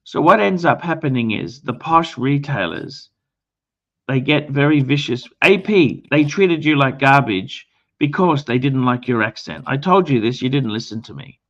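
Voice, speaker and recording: A man's voice: medium pitch, lively intonation, moderate pace, a bit bright, dull audio. A man hosting a livestream who gives blunt, bossy advice, swears often and restarts his sentences. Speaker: livestream host. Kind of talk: casual livestream chat.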